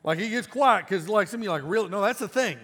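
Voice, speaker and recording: A man in his forties preaching a sermon to a congregation in a casual, emphatic way that breaks into loud bursts. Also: sits high, expressive, fast, slightly rough. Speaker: pastor. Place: large church auditorium. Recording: live church sound with long reverb.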